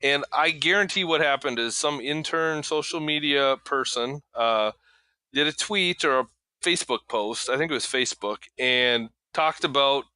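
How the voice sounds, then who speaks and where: A man's voice: medium pitch, normal speed, sharp tone, smooth, no room sound. A man co-hosting a casual podcast, rambling with stumbles and restarts as he tells stories. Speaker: podcast co-host. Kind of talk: casual banter among friends.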